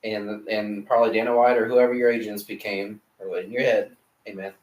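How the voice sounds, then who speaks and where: A fairly low-voiced young man co-hosting a casual podcast, relaxed and profane, often stumbling over repeated words. He sits back from the mic, and the room gives his voice a noticeable echo. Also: brisk. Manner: laid-back, profane, stammering restarts. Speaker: podcast co-host. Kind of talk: casual chat. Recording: echoey room, mic at a distance.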